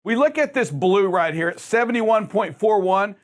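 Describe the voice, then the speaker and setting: High-voiced man hosting a trucking show. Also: animated, moderate pace. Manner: emphatic, repeats words, addresses drivers directly. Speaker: show host. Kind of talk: trucking safety show talk.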